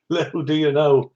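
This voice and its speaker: A man's voice: fairly high pitch, mellow. Chatty man on a lo-fi stream. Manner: chatty, chuckling, greets viewers by name. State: short of breath. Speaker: livestream host. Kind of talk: casual chat reading out live comments.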